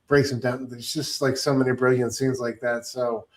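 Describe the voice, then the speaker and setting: A man's voice: mid-range voice, flat delivery, moderate pace, recorded from a distance. A man co-hosting a casual movie review podcast, talking in a laid-back, rambling, slangy way. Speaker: podcast co-host.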